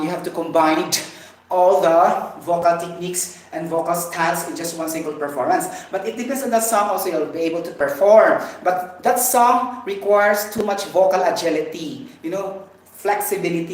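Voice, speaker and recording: Woman vocal coach, casual and unhurried, often checking in with the listener; booming room echo. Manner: chatty, keeps checking in with okay. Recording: very echoey room, faint music.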